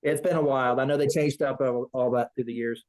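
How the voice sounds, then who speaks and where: A man's voice: medium pitch, fairly even intonation, fairly quick, over a noisy crowd, rough recording. A man, a veteran, telling a rambling story in an interview, acting out the voices of people he quotes. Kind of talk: casual storytelling.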